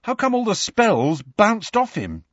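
A man's voice: high-pitched, huge pitch swings, measured pace, dry recording, dull audio, voice pushed up, exaggerated voice. A man doing an anxious teenage boy. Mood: worried. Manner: plain, slightly worried.

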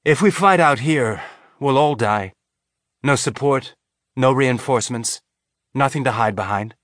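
A man's voice: medium pitch, a little slow, a bit bright, no echo, clean studio sound, pitched above the performer's own voice, lightly acted. A man voicing a grim, blunt veteran fighter in an audiobook.

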